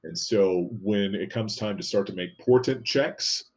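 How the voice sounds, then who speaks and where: A man with a fairly low voice runs a tabletop role-playing game. He narrates scenes and walks players through the rules at an easy, explanatory pace, often pausing with fillers. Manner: relaxed, explanatory, with frequent fillers. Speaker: game master.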